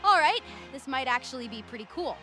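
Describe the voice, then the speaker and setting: A very high, bright woman's voice with a peppy, slightly scripted delivery, sounding like an AI co-host. She chats with a stream audience, reading out messages and reacting with cheerful energy. Faint game music plays behind her. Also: lively intonation, a little fast. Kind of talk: upbeat stream chatter.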